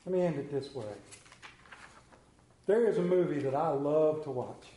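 A man preaching a sermon, folksy and storytelling, swinging from loud excitement to hushed tones. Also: on the high side, moderate pace, echoey room, rough recording. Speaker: pastor.

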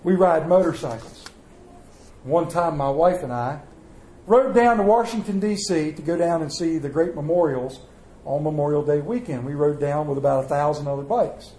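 A man's voice: fairly high pitch, normal speed, warm tone, reverberant, a little hiss or hum, poor audio. A man preaching a sermon in a folksy storytelling way, acting out the voices in his stories. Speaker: pastor. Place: church.

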